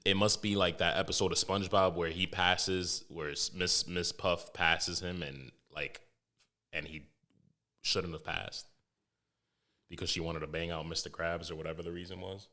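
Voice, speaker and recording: Low-voiced man ranting casually on a podcast. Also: normal speed. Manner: animated storytelling, heavy swearing, frequent restarts. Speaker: podcast host.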